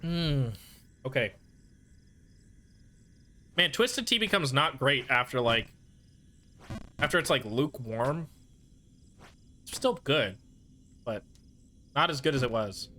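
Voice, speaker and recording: A man with a bright, forceful voice talks to his stream while he plays, his pitch jumping up and down a lot. He mutters and coaxes himself along through his frustration. Faint crickets and room hum sit behind him. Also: lively intonation, a little slow, long pauses. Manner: frustrated, self-soothing muttering between bursts. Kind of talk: casual gaming stream commentary.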